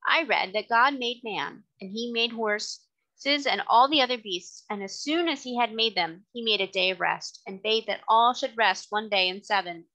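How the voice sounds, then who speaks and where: Woman reading steady, devout male cabman; bright timbre, earnest delivery. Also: on the high side, normal speed, low-quality recording.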